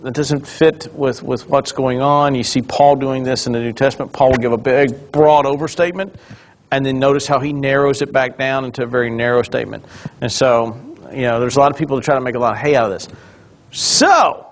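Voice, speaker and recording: Pastor teaching a Bible class. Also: male voice, mid-range voice, a little fast, a little hiss or hum. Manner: explains then quizzes the class with questions. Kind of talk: conversational Bible study teaching.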